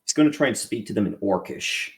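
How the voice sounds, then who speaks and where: A man's voice: lowish voice, expressive, fast. A man playing a tabletop game, describing his character's actions plainly. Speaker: player.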